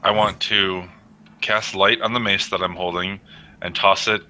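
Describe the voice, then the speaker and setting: A man's voice: deep voice, little pitch movement, pushed and bright, slight background noise, poor audio. A man taking part in a tabletop game as a player, talking casually. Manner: casual, quick decisions.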